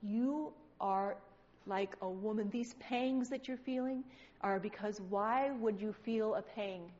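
A woman preaching a sermon, firing off rapid rhetorical questions with a teasing edge. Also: mid-range voice, darkish tone. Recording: dull recording with long hall reverb.

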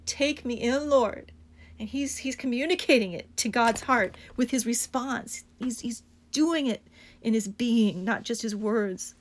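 A woman with a high voice delivers a sermon with fervor. She leans hard on repetition and builds to emphatic declarations. Her speech stays urgent and insistent throughout. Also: a little slow. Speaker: preacher.

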